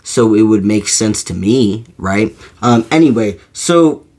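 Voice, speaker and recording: Rambling man with a slow, halting delivery. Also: on the low side, animated, a little mellow. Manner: rambling, full of fillers and restarts. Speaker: video creator. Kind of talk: casual opinion monologue.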